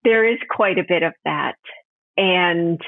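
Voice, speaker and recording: Animated woman on a tinny phone line. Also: takes it slowly, vocal fry, no room sound. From New York. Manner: animated, laughs often, jumps up in pitch for quoted voices. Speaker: health coach guest. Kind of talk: casual podcast interview.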